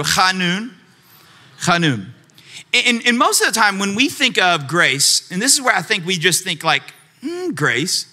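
Bright, high-voiced energetic preacher. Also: male voice. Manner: energetic, calls out to the congregation. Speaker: pastor. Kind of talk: sermon. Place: church auditorium.

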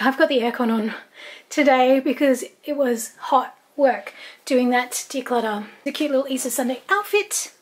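High-voiced chatty Australian woman. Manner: chatty, enthusiastic, fillers like "like" and "um". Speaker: home and lifestyle vlogger. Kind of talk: casual wardrobe tour chat. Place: home closet.

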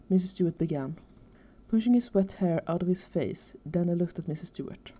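A woman reading fan fiction aloud in a steady, even way. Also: lowish voice, a little fast. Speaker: fanfiction reader. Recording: dull lo-fi recording.

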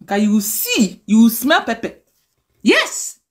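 A woman's voice: fairly high pitch, very animated, slow. A Ghanaian woman with a Ghanaian accent, ranting angrily and scolding in a direct-to-camera video. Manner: angry, scolding rant mixing languages.

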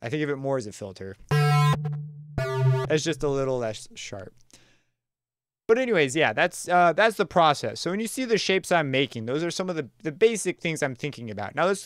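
A man teaching a casual music production tutorial, talking in a relaxed, chatty way with slang and plenty of fillers and self-corrections. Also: a little high, a little fast, clear, resonant tone, no room sound, clean studio sound. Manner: enthusiastic, uses slang. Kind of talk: casual screen-recorded software tutorial.

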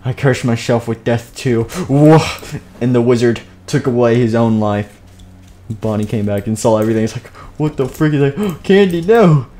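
A man's voice: mid-range voice, steady tone, moderate pace, warm tone. A man narrating a game live stream, jumping between plain storytelling and playful character voices.

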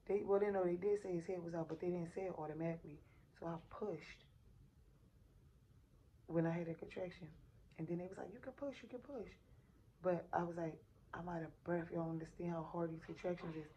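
Woman, 30s, AAVE, family vlogger. Exhausted, animated storyteller, low dark voice, light room noise. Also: low-quality recording. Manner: animated retelling, acts out quotes, addresses viewers as y'all. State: exhausted and sore after giving birth. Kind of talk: casual storytelling vlog. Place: hospital room.

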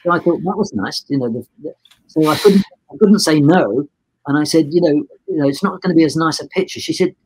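A man's voice: a little high, brisk, darkish tone, breathy edge, rough recording. A man in his sixties, a photographer being interviewed, telling a long story in a rambling way, acting out the dialogue and restarting his sentences. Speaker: photographer guest. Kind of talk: casual anecdote in a podcast interview.

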